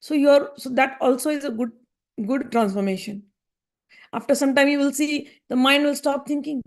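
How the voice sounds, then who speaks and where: A woman giving a spiritual discourse, earnest and gently reassuring, repeating her points. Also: high voice, steady tone, normal speed. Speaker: spiritual teacher.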